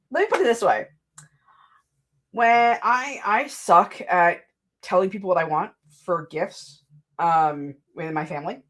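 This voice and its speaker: A woman's voice: on the low side, a bit bright. A woman streaming from her home desk, chatting casually in a rambling, self-deprecating way. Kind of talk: casual livestream chat.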